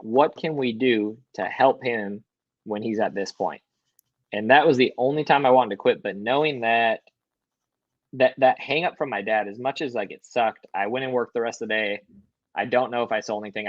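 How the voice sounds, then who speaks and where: Young guy on a podcast in a hotel room, tells stories all animated, cusses, kinda dull dry sound. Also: fairly low pitch, no echo. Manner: animated, swears, acts out quotes. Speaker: podcast guest. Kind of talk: casual storytelling.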